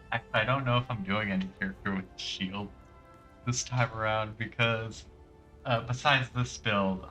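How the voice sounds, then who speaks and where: Pushed and bright at a medium pitch, a man's voice carries casual gameplay commentary on a stream. He keeps going off on tangents and says "like" over and over.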